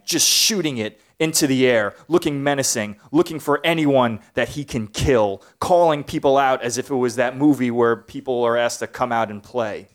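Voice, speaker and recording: Podcast guy reading stage directions out loud, lots of uhs, halting and casual. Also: mid-range voice. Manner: halting, many uhs, slowing to read. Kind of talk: casual comedy podcast, reading a script aloud.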